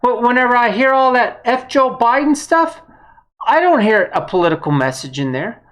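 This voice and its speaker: A woman's voice: fairly high pitch, animated, moderate pace. A woman giving a blunt, heated political opinion monologue, with some mild swearing. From United States. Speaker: vlogger.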